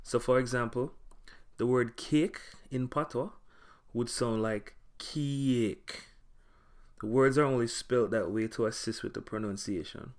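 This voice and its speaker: Deliberate man teaching a lesson. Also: medium pitch. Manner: clear, deliberate, slows down to spell out example words. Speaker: language teacher. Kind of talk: scripted lesson narration.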